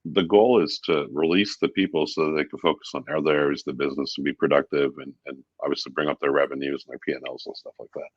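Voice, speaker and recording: A man talking as a guest in a casual interview, relaxed and chatty with many fillers. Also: a bass voice, quick pace, hardly any pauses, husky, dry recording, muffled recording. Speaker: guest, VP of sales.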